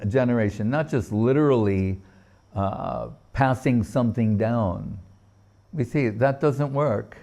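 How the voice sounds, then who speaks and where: An older man giving a sermon-style spiritual class in an unhurried, drawn-out way. His voice is mellow and warm. He talks haltingly, trailing off and restarting as he searches for words. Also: mid-range voice. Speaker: spiritual teacher.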